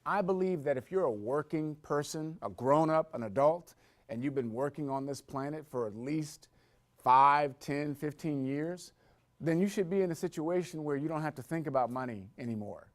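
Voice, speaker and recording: A man's voice: a little high, normal speed. A man telling a personal story in a conversational way, then building to emphatic points as a motivational talk.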